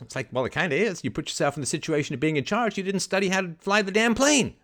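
A man hosting a call-in advice show, scripting a confrontation in forceful, indignant tones with rapid rhetorical questions and swearing. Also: high-pitched, expressive. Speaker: host.

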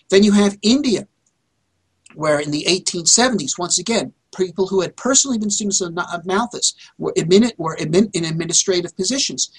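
A man's voice: high voice, husky. A man answering as a guest author in an interview, emphatic and often repeating words and restarting his sentences.

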